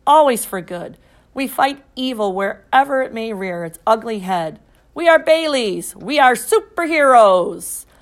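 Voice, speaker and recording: A woman reading an audiobook voices a middle-aged father who talks in booming, commanding speeches. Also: lively intonation, measured pace. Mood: grandiose. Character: boisterous pompous superhero dad, middle-aged man. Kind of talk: audiobook character voice.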